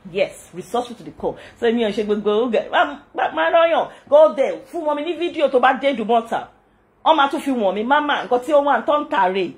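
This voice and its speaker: Animated Nigerian woman ranting with laughs. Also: a little high, quick pace. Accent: Nigerian, Yoruba-speaking. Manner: animated, mixing English, Pidgin and Yoruba, frequent laughter, indignant. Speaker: channel host. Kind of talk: casual vlog rant.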